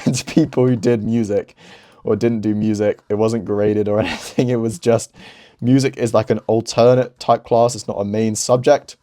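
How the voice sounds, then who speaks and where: Chatty young man, low voice. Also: darkish tone. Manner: rambling, laughing, chatty. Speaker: host. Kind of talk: casual chat over gameplay.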